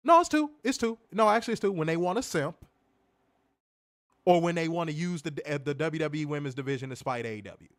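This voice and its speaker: A brisk, slightly high male voice belongs to a wrestling review co-host. He goes through comments and launches into casual, expletive-heavy rants, animated and laughing as he goes.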